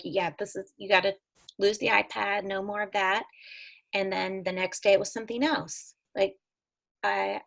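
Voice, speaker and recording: Woman, mid-pitch, gravelly edge, earnest storyteller who jumps high for emphasis. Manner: earnest, animated, with sudden leaps in pitch when emphatic. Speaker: guest telling her family's story. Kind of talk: personal storytelling in an interview.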